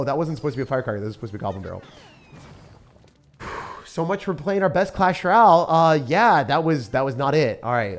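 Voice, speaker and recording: A man chatting excitedly while live-streaming a mobile game, often laughing and talking to his viewers. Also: medium pitch. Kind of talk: live-stream gameplay chat.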